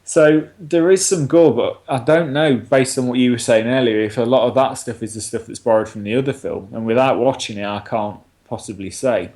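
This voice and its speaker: Man, podcast co-host, casual chat, sweary, laughing, middle pitch. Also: fairly quick, few pauses, darkish tone. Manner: sweary, laughing, acts out quoted dialogue. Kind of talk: casual film review chat.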